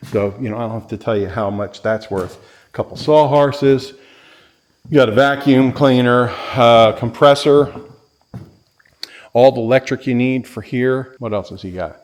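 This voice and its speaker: A man's voice: medium pitch, normal speed. A man giving a casual walkthrough of a workshop barn as a real estate agent, rattling off tools like an auctioneer. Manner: rambling, listing tools like an auctioneer.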